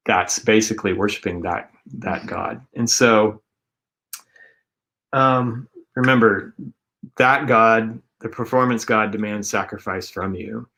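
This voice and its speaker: Guy with a lowish voice rambling earnestly about faith, lots of ums and likes. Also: fairly bright tone. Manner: earnest, rambling, filler-heavy. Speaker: co-host. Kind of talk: casual faith talk.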